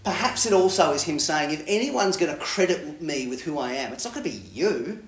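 A man giving a Bible teaching talk in a lively way, acting out quoted lines with big jumps in pitch. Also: fairly quick. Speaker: preacher. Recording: echoey room.

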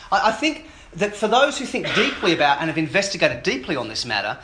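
A man preaching an Easter sermon, animated and fond of joking asides with the audience. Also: on the high side, a little hiss or hum. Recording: roomy hall with faint ambience.

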